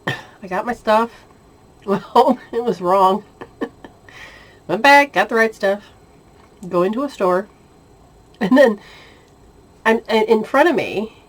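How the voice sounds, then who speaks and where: Animated woman telling a personal story. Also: medium pitch, slow pace, pauses often. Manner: animated, often laughing, acting out dialogue. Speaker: spiritual intuitive sharing experiences. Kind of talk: casual storytelling monologue.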